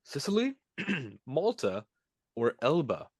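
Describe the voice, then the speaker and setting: A man's voice: mid-range voice, lively intonation, no echo, studio quality. Playful young man reading quiz questions. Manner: playful, teasing, reads quiz questions quickly. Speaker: podcast co-host running a quiz. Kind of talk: casual podcast chat.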